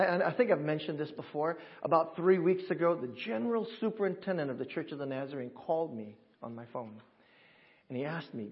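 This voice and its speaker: A man in a church service, a pastor talking with his congregation in a lively, upbeat way and leading them through a greeting. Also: a little high, dull audio. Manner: warm, upbeat, talks with the congregation and teaches them. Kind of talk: sermon.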